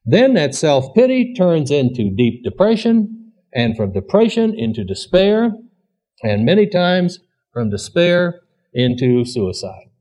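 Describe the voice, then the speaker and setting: A man's voice: on the high side, sing-song, measured pace, mellow. A man giving an earnest, plainspoken sermon-style teaching, asking rhetorical questions as he goes. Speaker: preacher. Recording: dull lo-fi recording.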